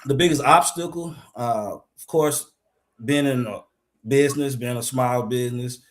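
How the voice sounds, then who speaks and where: Man, panel guest, middle pitch, measured and reflective, lots of pauses. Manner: measured, grateful, many "uh" pauses. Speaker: education consultant and panel guest.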